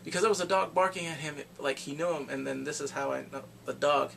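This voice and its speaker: A man recapping a film in casual chat, animated and full of reactions. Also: fairly high pitch, fast talker, creaky, slight background noise. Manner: animated, reacts with exclamations and gasps. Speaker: movie reviewer.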